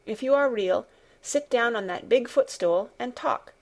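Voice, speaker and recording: A woman's voice: on the high side, a little slow, voice pushed up. A woman narrator voicing a sickly, spoiled ten-year-old boy who speaks indifferently and commandingly in an audiobook. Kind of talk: audiobook character reading.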